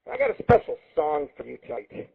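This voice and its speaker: A man with a high, husky voice that swings all over the place, ranting as host of a crude internet radio show. He swears constantly and rambles from one thing to the next. The sound is tinny and narrow, like it comes down a phone line. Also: huge pitch swings, quick pace. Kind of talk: profane comedic radio rant. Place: home radio studio.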